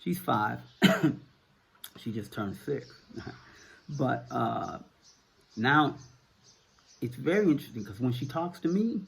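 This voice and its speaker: A middle-aged man from the United States with a Northern American accent talks casually to his viewers. His voice is gravelly and a bit husky. He rambles, restarts his sentences and fills the gaps with "uh" and "um". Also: mid-range voice, lively intonation, slow, pauses often. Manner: rambling, repeats words, many fillers. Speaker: vlogger answering viewer questions. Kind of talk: casual to-camera talk.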